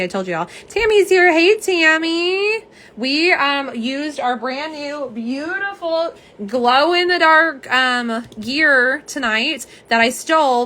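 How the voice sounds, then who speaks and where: A tired woman hosts a casual nail polish livestream, chatting warmly and reading viewer comments aloud. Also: on the high side. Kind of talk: casual live-stream chat.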